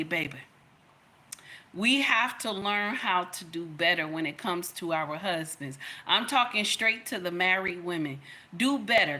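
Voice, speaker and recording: A woman's voice: mid-range voice, sharp tone. A middle-aged woman hosting a livestream, giving emphatic, sermon-like relationship advice straight to her viewers. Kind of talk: preachy livestream talk.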